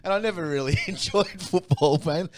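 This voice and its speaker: A man's voice: high-pitched, moderate pace. A man hosting a casual radio chat, laughing often and encouraging his guest. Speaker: radio host.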